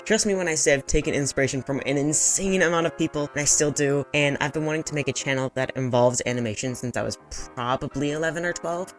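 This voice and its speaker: A man with a slight lisp from a retainer, answering fan questions in a casual, excitable way and laughing often. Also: medium pitch. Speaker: animation channel creator. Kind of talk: casual Q&A narration.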